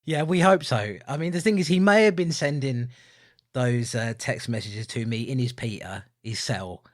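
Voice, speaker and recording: A man's voice: normal speed, no room sound, studio quality. A man co-hosting a podcast in casual, jokey, rambling chat, with mock-grumpy outbursts. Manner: jokey, rambling, mock-grumpy with sudden loud high bursts. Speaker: podcast co-host.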